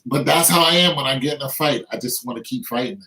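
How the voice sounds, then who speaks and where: A man's voice: mid-range voice, fast, sharp tone. Man in his fifties, boastful. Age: 50s. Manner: boastful, slang-heavy, laughing while telling. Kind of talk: casual storytelling. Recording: roomy, distant from the mic.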